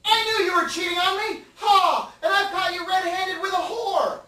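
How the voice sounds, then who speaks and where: A man's voice: extremely high pitch, fairly even intonation, normal speed, bright, forceful tone, heavy reverb, far from the mic, pitched above the performer's own voice, heavily acted. A man voicing a jealous sitcom wife who shrieks accusations at her husband. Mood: furious.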